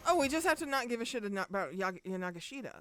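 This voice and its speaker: A woman's voice: fairly high pitch, very animated, rapid-fire, fairly bright tone, faint music behind. A young woman streaming a game live, chatting casually with joking, profane remarks while reading the story aloud.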